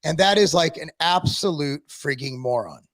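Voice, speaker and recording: A man's voice: a little high, animated, moderate pace, a bit bright. A man from Tennessee co-hosting a live-stream talk show, ranting in a sarcastic, mocking way. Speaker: podcast co-host.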